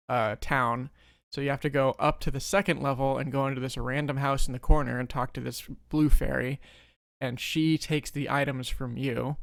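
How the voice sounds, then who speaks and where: A man's voice: medium pitch, gravelly, no room sound, studio quality. A young man hosting a gaming channel, giving casual, rambling gameplay commentary with a joking, mock-panicked streak.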